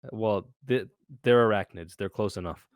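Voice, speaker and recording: Young male podcast co-host, low-pitched, lively sweary storyteller, dry recording. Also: moderate pace, no echo. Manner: animated storytelling, swears often. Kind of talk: casual chat.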